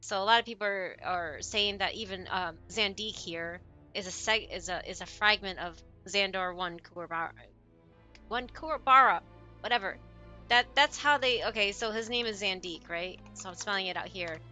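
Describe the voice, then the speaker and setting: A woman streaming a game live, reacting excitedly and rambling with many restarts. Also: medium pitch, normal speed, soft background music. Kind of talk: casual live-stream commentary.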